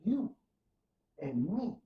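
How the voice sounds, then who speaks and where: St guy preaching his story on a podcast, goes quiet then loud, kinda far off in an echoey room. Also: high voice, sing-song, drawn-out words. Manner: fervent, preacher-like, swings from soft to loud. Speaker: podcast guest. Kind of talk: emotional testimony in casual podcast talk. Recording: roomy, distant, dull sound.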